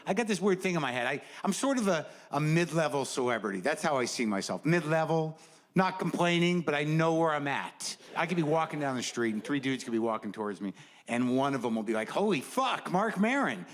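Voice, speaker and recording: A man's voice: a little high, animated, brisk. A stand-up comedian in his sixties doing a neurotic, self-deprecating routine on stage, full of stammered restarts. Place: comedy stage before a live audience.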